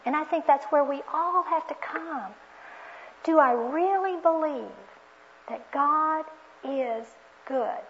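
A woman with a high voice preaches a sermon, earnest and reflective, often posing questions to her listeners. The recording is dull and lo-fi. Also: lively intonation, unhurried, a little hiss or hum.

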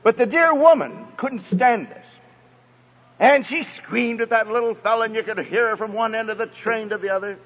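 In an echoey hall captured with dull, lo-fi sound, a high-pitched man speaks at a moderate pace. He tells a personal story in an emphatic sermon style, addressing the parents in his audience directly.

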